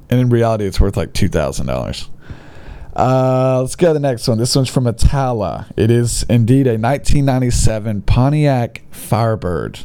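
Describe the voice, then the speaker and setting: A man giving comedic commentary with a mocking, sarcastic edge and quick asides. His pitch jumps around a lot, and his tone stays mellow and dark. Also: lively intonation, smooth. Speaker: host.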